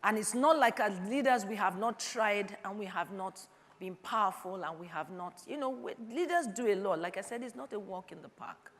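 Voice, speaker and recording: A woman in her fifties preaching a sermon, calling out to her listeners and swinging between loud urging and quiet reflection. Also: mid-range voice. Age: 50s. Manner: calls out "Hello?" to the congregation, swings from loud to quiet. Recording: long hall reverb.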